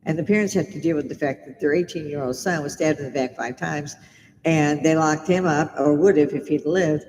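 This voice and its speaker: A woman's voice: low voice, fairly quick, darkish tone. Middle-aged british-born woman ranting and cursing on a live stream, roomy reverb, bit of hiss behind her. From Britain. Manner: blunt, swearing, ranting. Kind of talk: casual livestream chat. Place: home bar.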